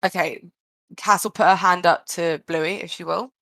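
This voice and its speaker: Calm woman player at a tabletop game. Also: lowish voice, normal speed, gravelly. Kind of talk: casual game table talk.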